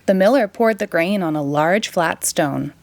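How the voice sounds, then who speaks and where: A woman reading a children's picture book aloud in an expressive, sing-song way. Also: on the low side, moderate pace, gravelly, no echo. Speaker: storytime reader.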